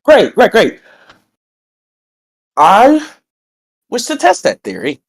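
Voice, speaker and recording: A young man giving a boastful, energetic wrestling-style promo, drawing out his greetings and still getting over being sick. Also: high voice, slow pace, vocal fry. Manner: boastful, lively, stretches greetings out. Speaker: wrestling roleplayer cutting a promo.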